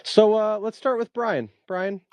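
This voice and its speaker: A man's voice: high voice, unhurried, darkish tone, no room sound, muffled recording. A man in his thirties hosting a podcast, with playful, emcee-like announcing. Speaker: podcast host.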